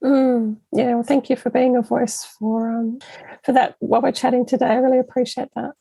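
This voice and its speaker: Raspy-voiced woman hosting a podcast. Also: a little high, flat delivery, fairly quick, no room sound, rough recording. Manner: gentle, affirming questions. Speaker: podcast host. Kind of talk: interview hosting.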